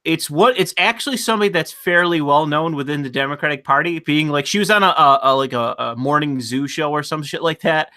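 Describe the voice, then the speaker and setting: A man with a bright, forceful and slightly high voice hosts a casual online chat. He rants with plenty of swearing and stumbles over repeated words as he builds his points. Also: a little fast, hardly any pauses. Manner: profane, ranting, repeats words. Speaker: host.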